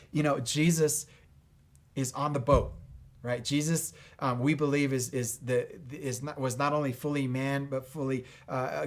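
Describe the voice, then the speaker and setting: Man, middle-aged, casual faith-based motivational talk, conversational, fillers and restarts, animated retelling. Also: mid-range voice. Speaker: fitness instructor and faith speaker.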